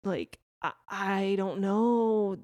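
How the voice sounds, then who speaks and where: A woman in her thirties hosting a podcast, talking candidly and reflectively, with frequent restarts and soft laughs. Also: mid-range voice, extremely slow, dry recording. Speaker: podcast host. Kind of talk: candid conversational podcast talk.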